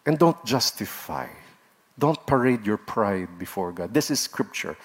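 A man's voice: fairly low pitch, lively intonation, measured pace, slightly rough. Earnest male preacher. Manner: earnest, exhorting, rises sharply when emphatic. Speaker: pastor. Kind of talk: sermon.

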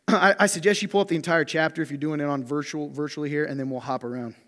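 A man preaching a sermon in a conversational, animated way with joking asides, his voice strained by allergies. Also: on the high side, quick pace, long reverb tail. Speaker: pastor.

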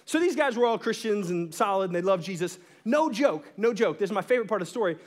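A man with a high voice preaching a sermon as a pastor. He tells a story with lively energy, keeps checking in with "right?", and breaks into laughter along the way. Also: fast. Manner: animated storyteller, asks "right?" often, laughs mid-story.

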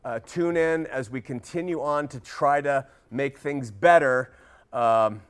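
A man's voice: medium pitch, unhurried, clear, resonant tone. A man hosting a religious commentary podcast, talking in an earnest, preachy way with frequent fillers and restarts. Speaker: podcast host.

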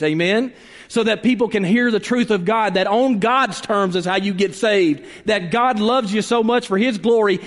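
A pastor delivers his sermon, pressing hard on key words and then sinking almost to a whisper. His voice sits high for a man. It carries with a long reverb through a church sanctuary. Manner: preaching with dramatic drops to a hush and rising emphasis.

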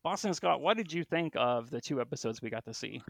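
A man hosting a podcast in casual chat, joking and quick with asides. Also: mid-range voice, expressive, creaky, a bit bright, no room sound. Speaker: podcast host.

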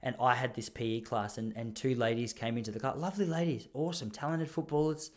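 A young man hosting a comedy podcast, telling stories in an animated way, laughing often and slipping into quoted voices. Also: mid-range voice, quick pace. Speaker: podcast host and school teacher. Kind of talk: comedic storytelling monologue.

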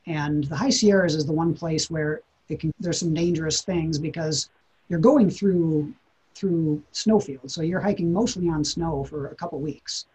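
A man's voice: on the high side, moderate pace, darkish tone, husky, poor audio. A man, a podcast guest, telling a personal story in an earnest, reflective way, often repeating words as he thinks.

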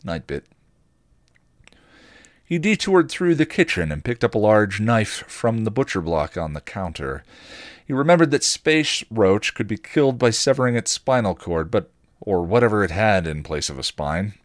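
A man, a podcast host, reading a fan fiction chapter aloud at a steady pace, often stumbling and correcting himself. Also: lowish voice, normal speed, no room sound, clean studio sound. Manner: steady reading with frequent slips and self-corrections.

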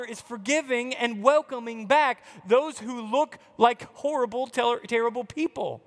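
Male pastor, high voice, impassioned sermon, long hall reverb, church. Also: unhurried, few pauses, fairly bright tone. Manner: impassioned preaching, voicing a complaining believer. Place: church building.

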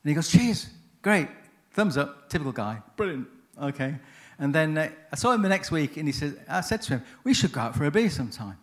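A man's voice: a little high, very animated, quick pace, few pauses. A man giving a seminar on chaplaincy, telling a story in a chatty, anecdotal way, often interrupting himself. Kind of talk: conference talk with storytelling.

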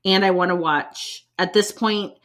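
A woman co-hosting a casual podcast chat, animated, laughing and swearing as she talks. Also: fairly low pitch, unhurried. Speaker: podcast co-host.

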